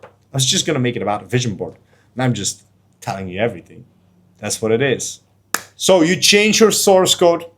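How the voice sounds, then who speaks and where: A man's voice: mid-range voice, animated, moderate pace, pauses often, breathy edge. Guy doing a fired-up motivational rant to camera, preachy, swears, medium voice. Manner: intense, preachy, blunt with casual slang and swearing. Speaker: life and trading coach.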